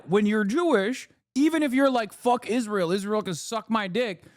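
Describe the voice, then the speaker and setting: A male host on a live stream, reacting with emphatic, profane outrage. His voice sits a bit high for a man, and the sound is dry and close with no room echo. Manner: heated, profane, emphatic, rhetorical questions.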